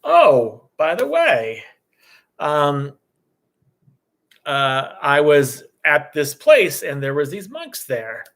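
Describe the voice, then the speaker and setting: A man's voice: on the high side, huge pitch swings, extremely slow, long pauses, fairly bright tone, heavily acted. Wise, tactful young queen voiced by a man, casual and offhand.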